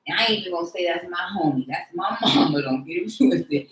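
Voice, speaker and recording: A woman's voice: on the low side, lively intonation, brisk, fairly bright tone, roomy sound, rough recording. A woman in her forties hosting a podcast in frank, slangy casual chat, laughing often. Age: 40s. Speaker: podcast host.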